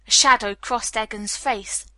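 A woman narrating an audiobook in a steady, clear storytelling manner. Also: fairly high pitch, a little slow, dry recording. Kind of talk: scripted narration.

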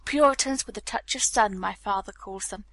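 A woman reading the lines of a lively, teasing young Californian woman in an audiobook, with a light, slightly wistful manner. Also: medium pitch, moderate pace.

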